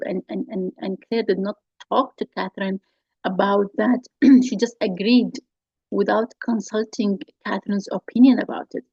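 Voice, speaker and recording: A woman's voice: mid-range voice, fairly even intonation, moderate pace, dark tone, slightly rough, no echo, muffled recording. A woman teacher explaining a play scene to her class. She talks in an explanatory way and repeats her key points.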